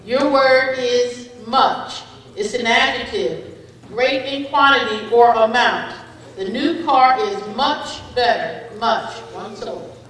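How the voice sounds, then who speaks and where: Slow-reading woman in an echoey hall. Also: a little high, a bit bright, recorded from a distance, slight background noise. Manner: slow, deliberate word reading, kind to children. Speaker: spelling bee pronouncer. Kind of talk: reading words, definitions and sentences aloud. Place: school event hall.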